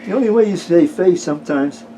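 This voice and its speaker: A man with a slightly high voice tells one-liners and stories in a relaxed, folksy way. He pauses often on "uh" between punchlines. A faint air-conditioning hum sits behind him. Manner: folksy, unhurried, with frequent "uh" pauses. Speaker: amateur joke teller. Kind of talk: casual joke telling.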